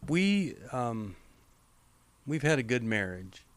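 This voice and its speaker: A man with a mid-range voice hosts a call-in show from a dry, close-miked studio. He speaks calmly and deliberately, walking a caller through his advice step by step. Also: mid-range voice, clean tone, no echo. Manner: calm, measured and coaching, with slow deliberate phrasing. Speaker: radio show host.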